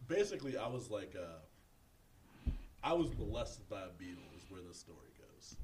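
A man in casual podcast chat, making deadpan jokes and telling a story with many fillers. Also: on the low side, moderate pace, slight background noise.

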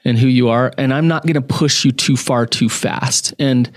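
A man co-hosting a podcast explains things and gives advice in an earnest, conversational way. His pitch is ordinary and the sound is dry and close, with no room sound. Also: steady tone, moderate pace, dry recording.

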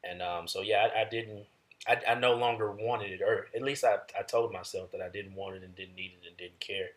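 Low-voiced guy talking plain and reflective, casual chat. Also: steady tone, brisk. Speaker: husband in a podcast conversation.

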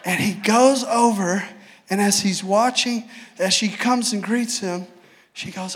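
A man preaches in a relaxed, humorous way, sprinkling his sentences with "like". His voice sits a bit high for a man. He tells stories loosely, with energy. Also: unhurried, slightly rough. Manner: casual, joking, animated retelling with filler "like". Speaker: pastor. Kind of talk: sermon with humorous storytelling.

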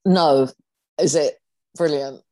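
A woman's voice: low-pitched, slow pace, dark tone. A woman co-hosting a podcast over a video call, chatting playfully with lots of teasing and giggles. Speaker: podcast co-host. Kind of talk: casual chat.

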